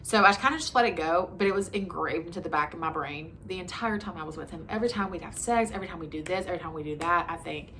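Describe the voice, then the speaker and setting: A vlogger in her twenties rushes through a frank personal story for her camera, talking fast with hardly any pauses and leaning on "like" and "um." Her lowish voice sounds pushed and bright, over slight background noise.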